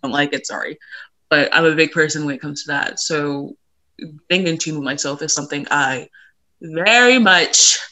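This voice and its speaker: Bright sharp-sounding woman on a podcast call, rambly and giggly. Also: low voice, normal speed, low-quality recording. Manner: rambling, giggly, self-correcting. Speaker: podcast co-host. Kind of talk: casual podcast chat.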